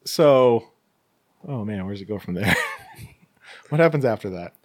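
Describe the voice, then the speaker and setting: A man's voice: fairly low pitch, animated, moderate pace, no echo, studio quality. A man co-hosting a casual podcast, retelling a horror movie plot with laughs. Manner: storytelling recap, laughing. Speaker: podcast co-host. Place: same room as co-host, dry recording.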